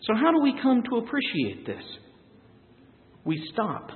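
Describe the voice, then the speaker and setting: A man preaching a reflective, earnest sermon, his voice rising and falling softly. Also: very high voice, unhurried. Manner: earnest, reflective preaching with lively rises and soft drops. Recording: tinny phone-like sound, long reverb.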